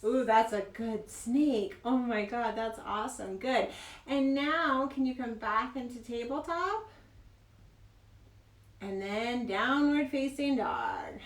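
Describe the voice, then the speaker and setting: A woman teaching a kids' yoga class, gentle, playful and encouraging as she guides a child through poses. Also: on the high side, lively intonation, takes it slowly, far from the mic. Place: yoga studio. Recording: echoey room, mic from afar.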